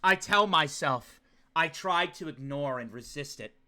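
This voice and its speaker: A man reading as a hushed, brooding girl narrator. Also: expressive, a little slow, full character voice. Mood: grim. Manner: low, hushed, solemn reading. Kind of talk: reading game narration aloud.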